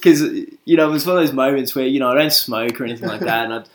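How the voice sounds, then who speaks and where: A man's voice: medium pitch, rapid-fire, slight background noise. Joking man in a roomy room. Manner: joking, storytelling banter. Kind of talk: casual chat. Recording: roomy echo.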